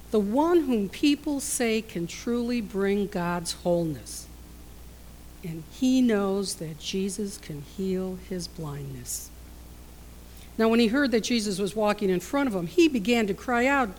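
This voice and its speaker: A woman preaching a sermon in a storytelling way, swinging between loud emphasis and hushed, quiet passages. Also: mid-range voice, a little hiss or hum.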